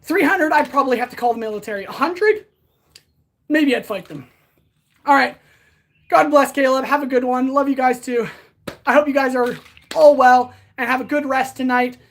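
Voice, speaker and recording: Lady with a high voice chatting on a livestream, kinda out of breath from swinging stuff around. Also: moderate pace, pauses often. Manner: winded, talking while swinging a sword; chatty, answers viewers directly. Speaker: blacksmith livestream host. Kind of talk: casual livestream chat.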